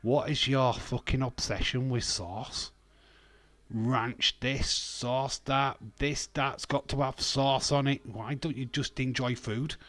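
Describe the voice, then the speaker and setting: British man, unhurried, mid-pitched, joking live commentary, swearing, laughing. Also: steady tone, a bit bright. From United Kingdom. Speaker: wrestling watch-along streamer.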